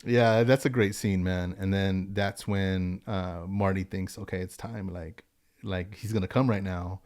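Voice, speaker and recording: A man with a lowish voice talks through a movie on a podcast. His retelling is animated and loose, full of slang and "like." It sounds like casual chat between friends. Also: measured pace. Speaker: podcast co-host.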